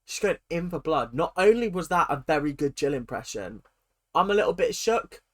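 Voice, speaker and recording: Woman, reaction host, low voice, lively pitch swings, sarcastic, mock-outraged. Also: normal speed. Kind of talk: comic reaction commentary.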